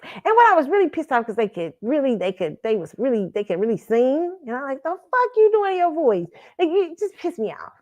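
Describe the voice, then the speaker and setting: Woman host, high and very expressive voice, loose, profane, laughing pop culture chat. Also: brisk, muffled recording. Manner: animated, laughing, swearing freely, acts out her own reactions. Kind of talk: casual pop culture commentary.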